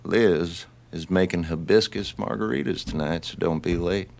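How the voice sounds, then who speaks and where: An actor playing a friendly lake house host, easygoing and hospitable. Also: male voice, low voice, moderate pace, creaky, a little mellow. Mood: welcoming.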